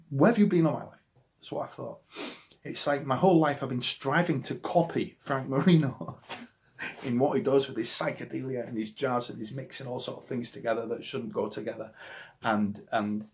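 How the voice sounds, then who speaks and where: Yorkshire bloke in his 40s, musician rambling excitedly about records, mid-pitched voice. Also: vocal fry. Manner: enthusiastic and rambling, with frequent restarts. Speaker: musician guest. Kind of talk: casual talk about favourite records.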